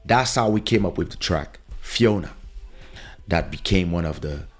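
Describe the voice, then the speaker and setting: A man's voice: sits low, animated, moderate pace, soft background music. A man hosting a podcast, telling a rambling personal anecdote in a loose, casual way. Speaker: podcast host. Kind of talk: casual storytelling. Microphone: studio podcast microphone.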